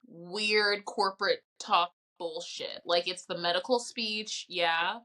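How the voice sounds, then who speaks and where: A woman around thirty co-hosting a podcast in casual chat, animated, swearing casually and acting out the voices she quotes. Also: fairly low pitch, slow pace. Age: 30s. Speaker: podcast co-host.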